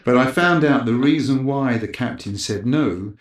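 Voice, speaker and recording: A man's voice: medium pitch, moderate pace. Man telling a wild story, roomy sound. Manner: animated anecdote teller, acting out others' lines. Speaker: camera operator guest. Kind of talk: casual storytelling interview. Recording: roomy echo.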